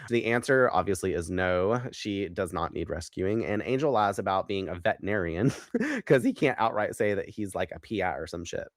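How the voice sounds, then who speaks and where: A man in his thirties hosting a casual recap podcast, animated and profane, laughing often. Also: deep voice, moderate pace, no echo, clean studio sound. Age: 30s. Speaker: podcast host.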